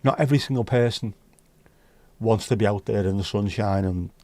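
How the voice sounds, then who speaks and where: A man's voice: fairly low pitch, moderate pace, dark tone, dry recording. A man from the United Kingdom hosting a casual livestream chat, talking bluntly and swearing freely. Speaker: livestream host.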